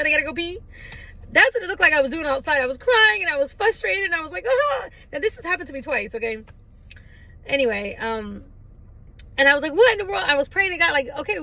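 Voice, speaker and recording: Sitting in a parked car, a middle-aged woman vlogger chats casually to the camera, laughing through an animated story and acting out her own squeals. Her voice is high and the recording is low quality.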